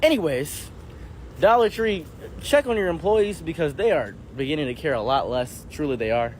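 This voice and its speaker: A man telling a comedic story with animated, jokey delivery, acting out the dialogue. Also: a little high, normal speed, a little hiss or hum. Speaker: storytime YouTuber.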